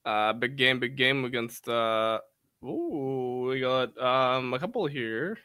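A man's voice: mid-range voice, slow, pushed and bright, smooth, dry recording. A man co-hosting a casual football podcast, reading out betting odds with hesitant fillers. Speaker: podcast co-host. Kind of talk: casual sports betting chat.

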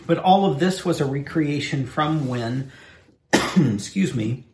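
A man's voice: a little high, lively intonation, slow pace. A man co-hosting a casual podcast about faith, talking in a playful way with joking asides. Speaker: podcast co-host. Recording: roomy echo, faint room noise.

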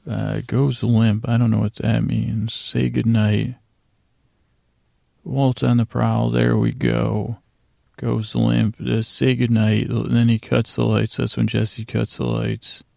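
A man narrates a bedtime podcast, loosely retelling a show's plot with a meandering, offhand style. His voice is dark and mellow, with heavy fry and very little melody. The sound is dry and close. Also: medium pitch, completely flat delivery, no room sound. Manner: meandering, loose, unhurried storytelling with fillers. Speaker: sleep podcast host. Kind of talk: rambling bedtime retelling of a TV episode.

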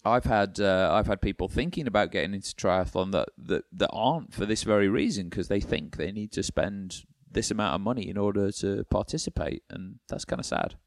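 A deep, gravelly-voiced man co-hosting a podcast in easy casual chat. He talks with dry sarcasm and rambles through restarts, close to a dead, dry mic. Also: brisk, hardly any pauses, no room sound. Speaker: podcast co-host.

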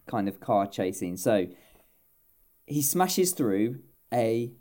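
Animated man retelling film scenes. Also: mid-range voice, takes it slowly. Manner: animated storyteller, acting out quotes with laughs. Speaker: podcast co-host. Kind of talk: casual film chat.

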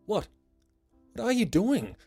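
A man voicing a joyful, boisterous little boy in a spoken story, high and exclamatory. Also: takes it slowly, breathy edge, no room sound, soft background music, full character voice. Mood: excited. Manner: excited, eager, exclamatory.

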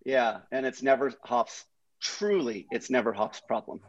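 Animated storytelling man, lo-fi audio. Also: medium pitch, unhurried. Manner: animated storyteller who acts out friends' lines. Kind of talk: casual chat, telling anecdotes. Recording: slightly dull, lo-fi audio.

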